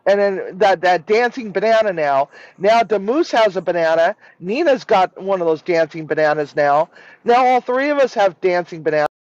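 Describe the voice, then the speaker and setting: A man in a casual live-stream chat, telling a rambling, animated story and swearing freely. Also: high-pitched, normal speed, no room sound. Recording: dull lo-fi sound.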